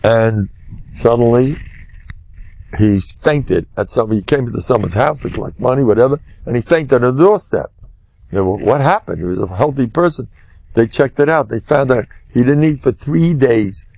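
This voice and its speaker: An older man, a rabbi, giving a humorous Torah lecture full of animated storytelling. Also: mid-range voice, normal speed, vocal fry, no room sound. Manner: animated, humorous storyteller who loudly acts out quotes.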